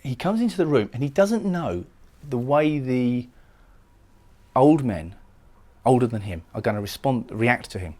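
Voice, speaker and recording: A man's voice: mid-range voice, animated, measured pace, a little mellow. A man giving a recorded poetry lecture, explaining lines of a poem and often repeating words as he goes. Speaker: literature lecturer.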